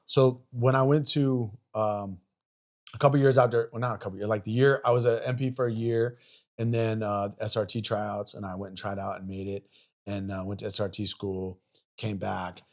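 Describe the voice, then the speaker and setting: A man's voice: lowish voice, steady tone, normal speed. A man in his forties, a podcast guest and army veteran, telling stories in a rambling, profane way with lots of fillers and restarts. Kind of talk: casual storytelling chat.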